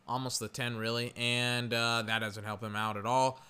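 Young male podcast host, bright tone, loose play-by-play with fillers and frustrated outbursts. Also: mid-range voice, flat delivery, moderate pace, smooth. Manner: gets loud and frustrated at plays, rambling with fillers. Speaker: podcast host doing game commentary. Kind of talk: casual live football commentary.

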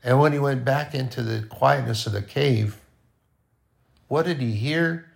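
A man giving an informal, conversational sermon, often dropping to a quiet voice. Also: mid-range voice, a little slow, creaky. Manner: conversational, with sudden soft drops to near-quiet. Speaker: preacher.

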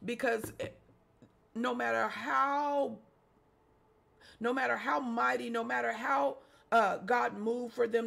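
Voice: mid-range voice, gravelly, fairly bright tone. A preacher giving a sermon, reading scripture aloud and repeating phrases and rhetorical questions to the congregation.

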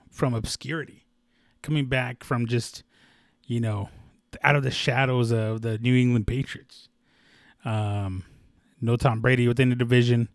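A young man hosting a casual sports talk show, rambling and excitable, with lots of fillers and profanity. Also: medium pitch, no room sound, studio quality. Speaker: sports podcast host.

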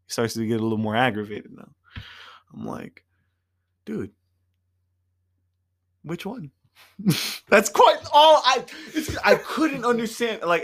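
A man hosting a casual podcast, his voice swinging up and down as he tells a story. He acts out the customers in his tale and swears freely. The talk stays loose and lively. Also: mid-range voice. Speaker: podcast host.

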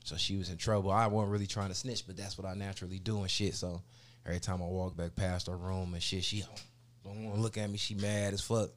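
A man's voice: sits low, quick pace, a little hiss or hum. A man chatting casually, telling a long story with lots of slang and swearing. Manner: profane, slangy, animated storytelling. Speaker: storyteller in a chat. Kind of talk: casual chat.

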